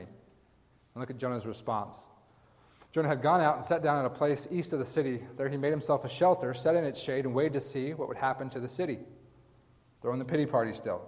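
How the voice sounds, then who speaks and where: Pastor, male, mid-pitched, preaching casually to a congregation with questions and quips, long hall reverb behind him. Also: brisk, a little mellow. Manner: casual preaching, asks the congregation questions, mock-quotes Jonah. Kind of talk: sermon.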